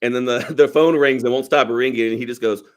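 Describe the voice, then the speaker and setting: A man in relaxed, casual podcast conversation, chatty and quick to laugh. His voice sits at an ordinary middle pitch, and he slips into acted voices when quoting lines. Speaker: podcast co-host. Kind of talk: casual movie podcast chat.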